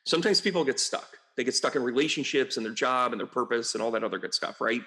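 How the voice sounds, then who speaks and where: Middle-aged American man, a medium, rambling casual monologue to camera, mid-pitched. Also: animated, quick pace, bright, forceful tone. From United States. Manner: rambling, chatty, with frequent fillers and asides. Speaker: medium and astrologer.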